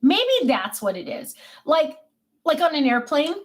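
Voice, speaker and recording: A woman's voice: sits high, big pitch swings, measured pace. A woman hosting a casual livestream from her desk, chatting about herself and answering viewers' comments in a self-mocking, chatty way. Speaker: livestream host. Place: home desk.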